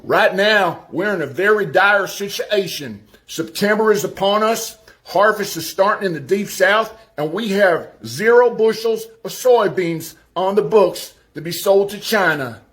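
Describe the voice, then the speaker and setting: Man doing a mocking Arkansas farmer impression, high, unhurried. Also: a bit bright. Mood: mock-worried. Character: male Arkansas farmer in a dire fix.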